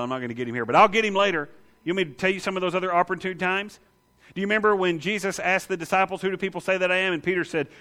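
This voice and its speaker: A man preaching with a bright, forceful tone, pitched a touch above the usual male range. He talks conversationally and emphatically, often putting questions to his listeners. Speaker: pastor. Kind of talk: sermon.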